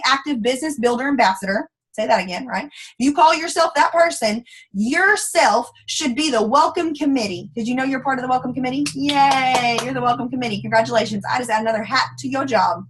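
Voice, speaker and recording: A woman's voice: high voice, fairly quick, a bit bright. A woman leading a motivational team call, emphatic and folksy, blunt and down-to-earth as she coaches her team. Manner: emphatic, acts out quoted voices. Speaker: team leader coaching sales ambassadors.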